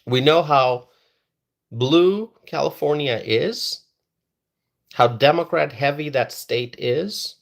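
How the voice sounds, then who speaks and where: A man's voice: fairly high pitch, expressive, slow, gravelly, pauses often. A man hosting a live political stream, talking straight to his chat viewers and repeating phrases for emphasis. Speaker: political livestream host.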